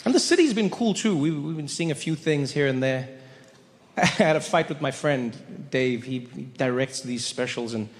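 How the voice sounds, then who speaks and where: Performing stand-up before a live audience, a man tells playful stories and acts out different voices. His medium-pitched voice has lively intonation and a normal pace. The sound carries a big-room quality with slight background noise.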